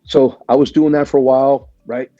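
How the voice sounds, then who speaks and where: Muffled and dry, with faint music behind, this clip has the Boston veteran telling stories a little fast at a medium pitch. He's a chatty, animated interview guest who swears freely and keeps saying "like" and "right?" after each point.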